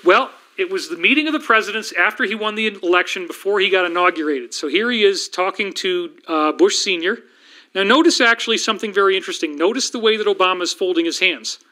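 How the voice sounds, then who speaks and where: A man's voice: high-pitched, fast, bright, forceful tone. A man presenting a talk over photos, earnest and emotional, addressing viewers directly.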